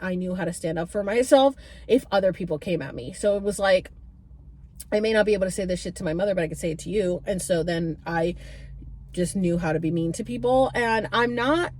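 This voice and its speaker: Lady in her 30s rambling to camera, lots of ums and likes, pretty animated. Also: medium pitch. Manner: chatty, animated, swears freely, many fillers. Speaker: vlogger. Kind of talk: casual storytelling to camera.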